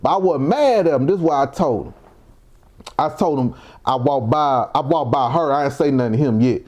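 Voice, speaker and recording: A man's voice: medium pitch, brisk, a little mellow. A young man from Mississippi, giving heated, provocative reaction commentary full of rhetorical questions. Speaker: commentary vlogger.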